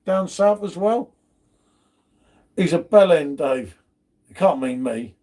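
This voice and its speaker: A man's voice: on the high side, lively intonation, slow, mellow. A man hosting a casual live beer stream from home, bantering, swearing and greeting viewers in chat. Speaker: beer channel host.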